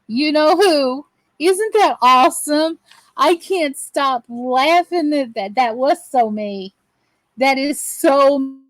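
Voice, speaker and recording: A woman's voice: sits high, dry recording, rough recording. A woman hosting a crafting channel, chatting to viewers as she crochets and greeting them by name. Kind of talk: live crochet chat with viewers.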